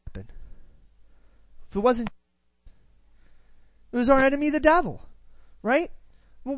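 A woman's voice: high-pitched, dry recording. A woman preaching, who retells a scripture passage and then teaches it in a conversational way, full of rhetorical questions and "right?" tags.

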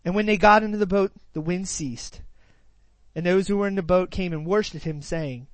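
A woman's voice: on the low side, moderate pace, no echo. A woman preaching, who retells a scripture passage and then teaches it in a conversational way, full of rhetorical questions and "right?" tags.

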